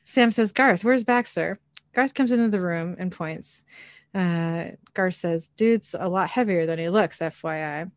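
A woman's voice: on the low side, measured pace, dry recording. Dry-sounding woman narrating TV scenes. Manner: reads quoted dialogue plainly, with small fillers. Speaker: describer narrating a TV episode.

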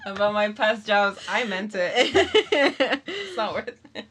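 Lively chatty woman podcast guest. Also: mid-range voice, slow, slight background noise. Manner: chatty, laughs a lot, many fillers. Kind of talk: casual podcast chat.

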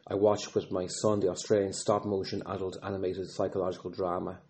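A man with a fairly low, dark and mellow voice speaks in an earnest, reflective podcast monologue. He talks haltingly, often restarting sentences and filling pauses as he works through his thoughts. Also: flat delivery, a little hiss or hum. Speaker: podcast host, father of an autistic son.

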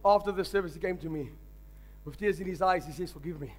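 High-voiced preacher. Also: male voice, fast talker. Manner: emphatic storytelling preacher. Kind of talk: sermon. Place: large church hall. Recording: long hall reverb with faint music.

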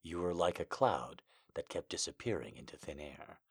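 A man voicing a tender young werewolf alpha who talks in a breathy, hushed murmur, within a comedic reading of amateur fiction. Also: deep voice, lively intonation, moderate pace, voice pushed down, full character voice.

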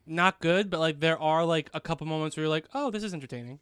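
A man hosting a podcast talks fast and loosely, packing his speech with fillers. His voice is clear and a touch high. The sound is dry and close. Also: fairly bright tone, dry recording. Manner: quick, chatty, lots of fillers. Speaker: podcast host. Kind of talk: casual chat.

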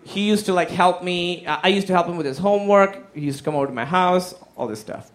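A man telling a stand-up comedy story, animated and profane, acting out the people in it with silly voices. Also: high-pitched, fast talker. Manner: animated, acts out quotes in silly voices, swears freely.

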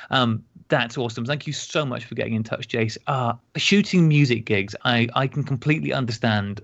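An English man co-hosting a podcast in casual chat, teasing and laughing, often halting with fillers. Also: medium pitch, vocal fry, a bit bright, muffled recording. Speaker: podcast co-host.

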